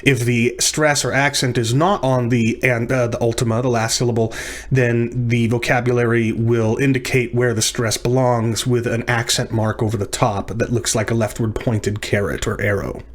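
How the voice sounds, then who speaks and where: A man's voice: medium pitch, flat delivery, normal speed. A man teaching a recorded practice lesson, explaining terms step by step and repeating words with small restarts and fillers. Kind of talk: recorded lecture practice session.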